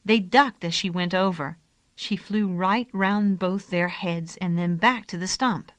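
A woman narrating a children's storybook in a calm, gentle way. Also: lowish voice, unhurried, no room sound. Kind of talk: storybook reading.

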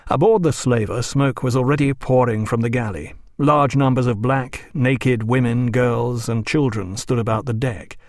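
A man reading a novel aloud as audiobook narrator, measured and even. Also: mid-range voice, dry recording, clean studio sound. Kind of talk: scripted narration.

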